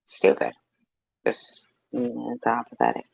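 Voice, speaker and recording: A woman's voice: very deep voice, sing-song, measured pace, gravelly, a little mellow, husky, no room sound. A woman streamer talking to her viewers in a blunt, heated, profane rant. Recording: dull, lo-fi, dry mic.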